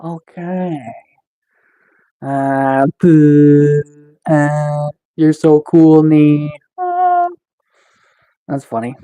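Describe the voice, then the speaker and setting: A man's voice: a little high, fairly even intonation, drawn-out words, long pauses, mellow, clean tone, dull audio. A man live-streaming in a casual chat, teasing and taunting the trolls in his chat with sarcastic mock-tough boasts.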